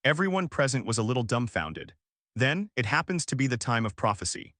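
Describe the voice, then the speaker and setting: A man narrating an audiobook as scripted narration, reading in a flat, even way. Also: medium pitch, brisk, no echo, clean studio sound.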